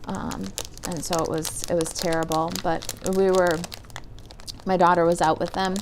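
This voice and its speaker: A woman's voice: lowish voice, little pitch movement, measured pace. Middle-aged lady crafting on a live stream, chatty and rambling, faint hum behind. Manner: chatty, rambling, reads viewer comments aloud. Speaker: stamping demonstrator.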